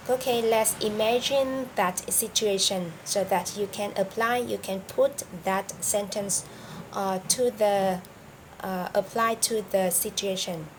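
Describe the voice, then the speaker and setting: A woman's voice: medium pitch, slight background noise, rough recording. A woman with a Vietnamese accent, a native Vietnamese speaker teaching an English vocabulary lesson, hesitant with many fillers and restarts.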